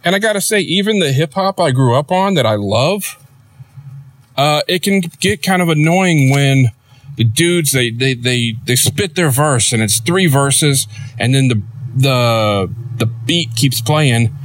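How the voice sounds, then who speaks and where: A man hosting a comedic podcast in a rambling, deadpan, sardonic monologue, recorded near a road. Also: mid-range voice, measured pace, no room sound. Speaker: podcast host. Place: outdoors near a road with passing trucks.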